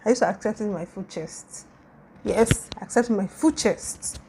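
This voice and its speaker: A young Nigerian woman with a Nigerian accent, talking casually in a vlog and gushing with warm, repetitive praise. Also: mid-range voice, normal speed, a little hiss or hum. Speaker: YouTuber.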